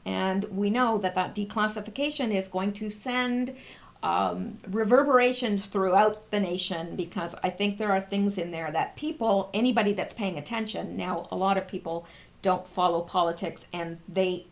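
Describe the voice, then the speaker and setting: A woman hosting a casual commentary, explaining online posts and reading statements aloud with emphatic repetition. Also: medium pitch. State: coughing, throat clearing. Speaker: political commentary host.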